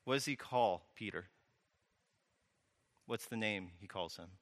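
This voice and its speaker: Bright-voiced pastor preaching in a hall. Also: male voice, fairly low pitch, unhurried, long pauses. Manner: conversational, asks the audience questions, wry asides. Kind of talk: sermon.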